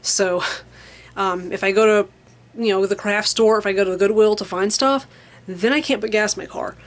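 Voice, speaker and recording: A woman's voice: mid-range voice, fairly even intonation, moderate pace. Rambling chatty young woman vlogging. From American Midwest or South region. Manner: rambling, many fillers like "like" and "um"; frank and chatty, laughs softly between thoughts. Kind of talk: casual chat to camera. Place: her bedroom in a basement.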